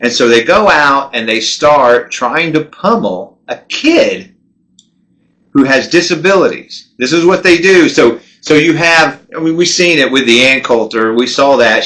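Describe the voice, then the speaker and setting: A man's voice: a little high, sharp tone. A man hosting a political commentary show, talking in a casual, indignant, conversational way with frequent restarts.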